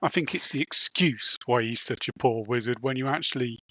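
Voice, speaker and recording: A man in a casual book discussion, speaking in a measured, wry way. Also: mid-range voice, fairly bright tone, no echo. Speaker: book club member. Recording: dull, dry lo-fi sound.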